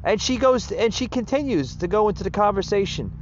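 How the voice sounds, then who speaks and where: Man, fired-up political rant, fumbling over words, slightly high voice, muffled sound. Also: lively intonation, brisk, slight background noise. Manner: heated, stumbling, frequent fillers. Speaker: podcast host. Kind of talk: ranting commentary. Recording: dull lo-fi sound.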